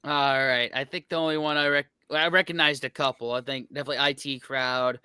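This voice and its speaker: A man's voice: medium pitch, fairly even intonation, a little fast, over a noisy crowd, heavy background noise. An American man in young adulthood hosting a reaction video in a laid-back, jokey way. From United States. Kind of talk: casual reaction chat.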